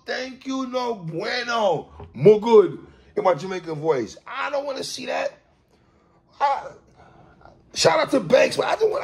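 A man hosting a casual hip-hop commentary monologue, animated and quick to laugh and exclaim. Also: high voice, creaky.

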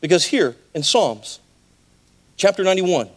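A man preaching a sermon in a church, telling a Bible story in an animated way with acted voices. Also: high-pitched, unhurried. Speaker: pastor.

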